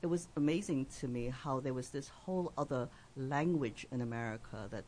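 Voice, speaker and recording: A speaker from outside the US talks reflectively at a mid pitch in a casual panel discussion. The delivery is gentle and laughs come easily. Faint room ambience sits behind the voice. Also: fairly quick, slight background noise.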